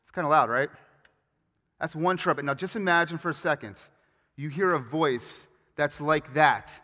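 A man preaching a sermon as pastor, with animated, emphatic storytelling and frequent restarts. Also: on the high side, moderate pace. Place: church sanctuary. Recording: long hall reverb.

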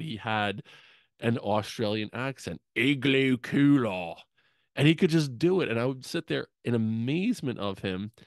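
A man with a lowish voice shares affectionate, humorous memories as a eulogy on his podcast. He speaks into a studio mic, and the sound is close and dry with no room echo. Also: darkish tone. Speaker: podcast co-host. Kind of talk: eulogy told as personal stories.

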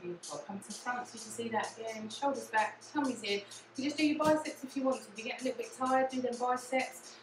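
A quick-paced guided cardio session, low impact, led by a female instructor with an English accent who keeps encouraging the class and repeating "again" and "yeah" while getting winded at times. Music plays and background noise fills an echoey room captured by a distant mic.

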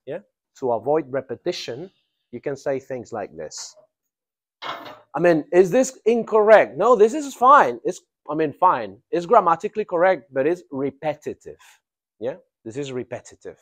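A man teaching an English grammar class, repeating phrases, laughing and checking that students follow. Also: fairly high pitch. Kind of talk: live classroom grammar lesson.

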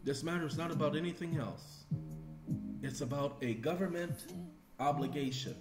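A man's voice: a little high, moderate pace. A man giving an emphatic instructional monologue, piling up repetitive lists for effect. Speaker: online presenter. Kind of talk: instructional monologue with acted phone calls. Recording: echoey room with loud music behind.

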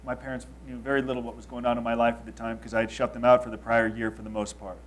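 A man in his thirties from Los Angeles, speaking as a storyteller before an audience. His voice sits at an ordinary middle pitch. He moves from punchy, louder statements into hushed, confessional asides. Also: level tone, quick pace, slight background noise. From Los Angeles, United States. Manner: confessional, swings between loud emphasis and quiet asides.

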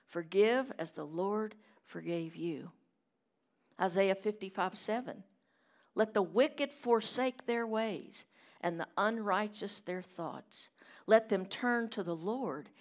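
A middle-aged woman preaching a sermon in a church chapel, telling stories with loud emphasis and hushed asides. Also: fairly low pitch.

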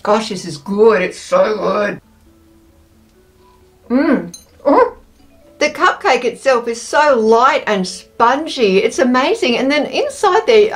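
A young woman chatting casually in a taste-test vlog, bubbly and gushing, breaking into excited squeals. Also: sits high, a little slow, faint music behind. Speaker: food taste-test vlogger.

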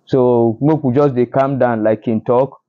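A man's voice: medium pitch, steady tone, a little slow, dull audio. A man from Nigeria with a Nigerian Pidgin English accent, delivering indignant social media news commentary, often repeating himself and restarting words. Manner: indignant, repetitive, stumbling restarts.

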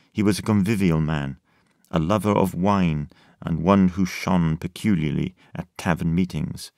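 Male audiobook narrator, deep voice, deliberate scripted delivery, dry close sound. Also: no room sound. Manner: measured, deliberate reading.

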